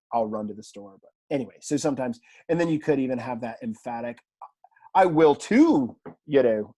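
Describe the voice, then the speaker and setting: Teaching Greek in a recorded online lesson from home, a man speaks in a laid-back, conversational way full of fillers and side comments. His pitch is medium.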